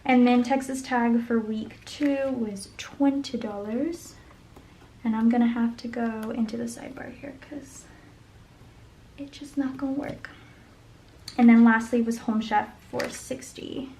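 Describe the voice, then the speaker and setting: A budget vlogger with a slightly high, warm, steady voice chats casually at home while planning her budget, thinking aloud at a measured pace and sometimes murmuring sums under her breath. The audio is poor, with a faint hiss underneath.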